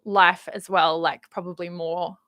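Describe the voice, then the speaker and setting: Bright-voiced young Australian woman, chatty. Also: fairly low pitch, level tone, measured pace, no room sound. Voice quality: Valley Girl inflection. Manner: upbeat, rambling, uses many fillers like "like" and "um". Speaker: YouTube host reading live chat. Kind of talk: casual livestream chat.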